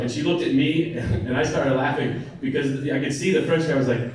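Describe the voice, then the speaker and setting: A man's voice: fairly high pitch, brisk, noisy background. American man doing stand-up in an echoey bar. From United States. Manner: chatty, teasing the crowd, playful asides. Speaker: stand-up comedian. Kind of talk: stand-up comedy set. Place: comedy night in a bar. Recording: echoey room, mic from a distance, crowd laughing.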